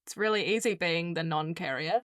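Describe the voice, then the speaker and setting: A woman's voice: on the low side, normal speed, a bit bright. A woman hosting a podcast, chatting casually and backing up her guest with short agreeing replies. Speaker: podcast host. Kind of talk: casual chat.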